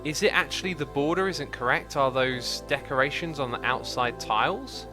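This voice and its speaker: A man hosting a live gameplay stream, chatty and excitable, thinking aloud and reading out chat messages. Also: mid-range voice, moderate pace, over music. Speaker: livestream host.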